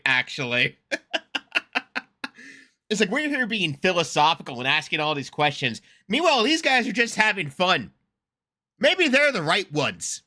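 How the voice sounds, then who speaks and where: A man with an American accent, talking through a reaction video in a loose, rambling way. His voice is very bright and swings widely in pitch, and he keeps laughing at himself. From United States. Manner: rambling, laughs often, self-mocking. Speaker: reaction streamer. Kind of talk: casual reaction commentary.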